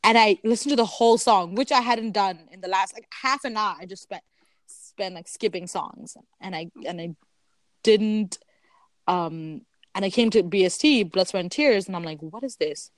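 A young woman from Canada chatting casually, telling a story in an animated way, acting out her own quotes and laughing often. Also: mid-range voice, moderate pace, no room sound. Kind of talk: casual chat.

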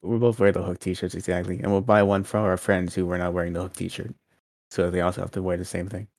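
A man co-hosting a wrestling podcast, quick and sarcastic in casual chat. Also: deep voice, little pitch movement, darkish tone, dry recording, clean studio sound. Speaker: podcast co-host.

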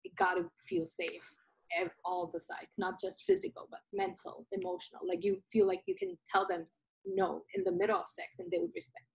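Relaxed relationship coach, woman, raspy and husky, very lively pitch. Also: brisk, poor audio. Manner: relaxed, lots of "like" fillers. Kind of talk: casual podcast chat.

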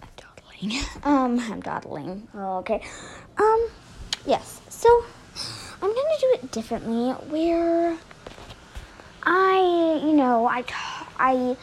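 Woman podcast host, high voice, unhurried and hesitant, casual phone recording at home. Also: sing-song, slight background noise, rough recording. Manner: rambling, hesitant, many fillers. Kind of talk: casual chat. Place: indoors at home.

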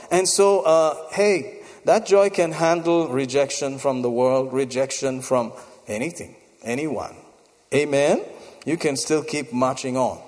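A man's voice: medium pitch, darkish tone. A man preaching a sermon, repeating phrases for emphasis and breaking into exclamations of praise between points. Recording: long hall reverb.

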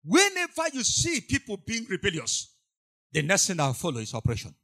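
A man preaching a sermon in a high voice that leaps up and down. He repeats his lines for emphasis, sinking to soft asides and then rising to loud cries. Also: wildly swooping pitch, a little fast.

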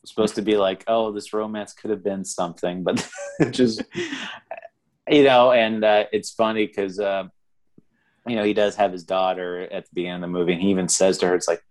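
A man with a notably low voice co-hosts a casual film podcast. He talks loosely, circling back with fillers and restarts as he recalls scenes. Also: steady tone, fairly quick, pauses often. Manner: rambling, many fillers and restarts. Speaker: podcast co-host. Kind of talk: casual movie review chat.

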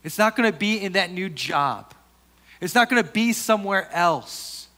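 A man delivers a sermon with a slightly higher pitch than most men. He speaks earnestly and conversationally, restarting phrases and sinking into quieter asides before lifting again. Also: expressive, normal speed. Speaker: pastor.

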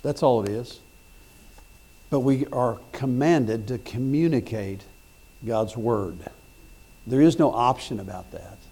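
A middle-aged pastor preaching a sermon, telling folksy stories with repeated words and restarts, then rising to loud emphatic points. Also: male voice, mid-range voice, slow, pauses often, slightly rough.

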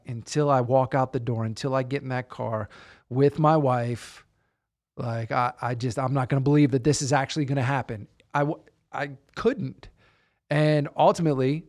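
Guy telling his story on a video call, acts out what people said, mid-pitched voice. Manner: animated retelling, acts out quotes. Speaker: guest. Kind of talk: conversational storytelling.

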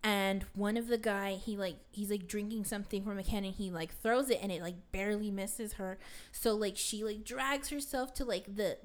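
Retelling a movie to a friend in casual conversation, a young adult woman rambles along with constant fillers and offhand swearing. She has a mid-range voice, a steady tone and a moderate pace.

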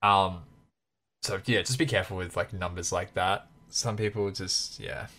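Male podcast co-host, very low voice, analytical, casual. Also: normal speed, pushed and bright. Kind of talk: casual chat.

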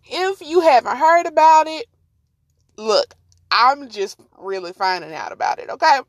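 Animated, high-voiced woman host. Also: a little slow, no echo. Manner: animated, slangy, laughs often. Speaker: podcast host. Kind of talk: casual storytelling chat.

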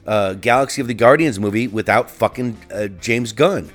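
A man's voice: on the low side, normal speed, hardly any pauses, soft background music. A middle-aged man hosting a solo podcast, telling an angry story in a profane, ranting way with frequent restarts. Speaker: podcast host.

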